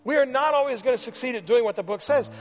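Male pastor, high voice, emphatic repeats, faint music under the sermon. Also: long reverb tail. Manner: conversational, repeats phrases for emphasis, slows on key words. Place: church sanctuary.

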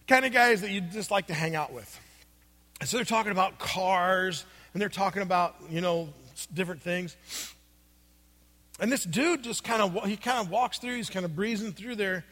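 A man preaching a sermon, telling a personal story in a conversational way with plenty of fillers, moving between loud stretches and hushed asides. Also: high voice, normal speed. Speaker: pastor. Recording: long hall reverb.

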